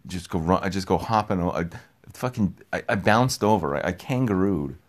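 A young man talking in a casual, rambling monologue, repeating himself, getting excited and swearing offhand. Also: low voice, normal speed. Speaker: podcast host.

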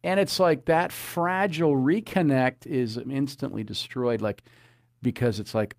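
A man's voice: mid-range voice, unhurried, gravelly, darkish tone, no echo. A man preaching a sermon as a pastor, earnest, often repeating his phrases and citing scripture.

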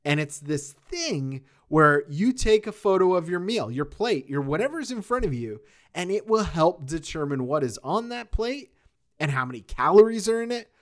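Male podcast co-host, slightly high voice, animated and laughing, casual chat. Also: moderate pace.

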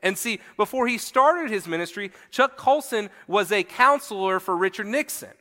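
A man's voice: high-pitched, lively intonation, normal speed, sharp tone, big-room sound. A man preaching a sermon as pastor, reading scripture aloud and explaining it in an earnest manner with occasional fillers. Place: church hall.

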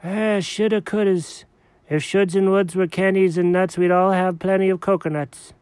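A man's voice: high-pitched, normal speed, smooth, no room sound, close to an everyday voice. A man doing a hyper, sugar-crazed cat. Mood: rambling. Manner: excitable, calls everyone dog.

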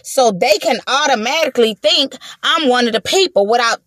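Animated, profane woman telling a story. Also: fairly high pitch, moderate pace, no room sound, studio quality. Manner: animated, profane, acts out her own quotes; talks straight to the audience with slangy asides. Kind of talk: casual storytime to viewers.

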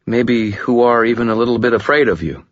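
A man's voice: medium pitch, brisk, no room sound, voice pushed up, natural voice. Fields: Figure: a man voicing an earnest, anxious young friend. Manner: careful, hesitant. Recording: dull.

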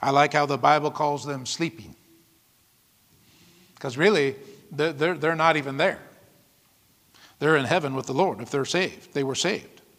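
A man's voice: on the high side, fairly bright tone, long reverb tail. A man preaching a sermon as pastor, reading scripture aloud and breaking into whoops and laughter. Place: church.

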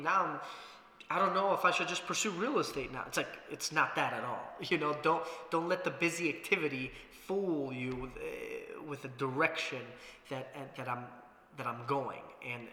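A man's voice: medium pitch, sharp tone. A man hosting a casual solo podcast, rambling and reflective, swearing freely and using lots of filler words. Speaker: podcast host. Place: room in Las Vegas. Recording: roomy reverberant room with faint background hiss.

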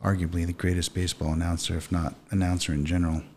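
A man with a very deep voice talks easily in a casual podcast chat. A faint hiss sits behind him. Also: level tone, fast talker, a little mellow. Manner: easygoing, brief listener responses.

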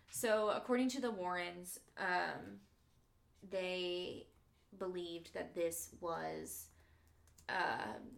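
Chatty woman with a gravelly voice. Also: on the low side. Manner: chatty, many fillers and likes. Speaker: podcast host. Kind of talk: casual chat, retelling a true story. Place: podcast studio.

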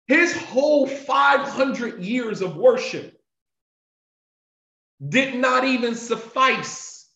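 A male preacher with a high, fairly bright voice gives an emphatic devotional talk, repeating key phrases for effect. He recites Arabic passages quickly between English explanations, in a recording that's echoey and slightly dull.

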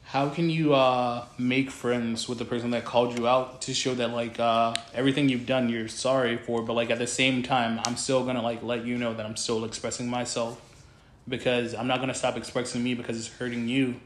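A man's voice: mid-range voice, flat delivery, fairly quick. A man hosting a casual chat, asking long winding questions full of fillers. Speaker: host. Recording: roomy echo with faint background noise.

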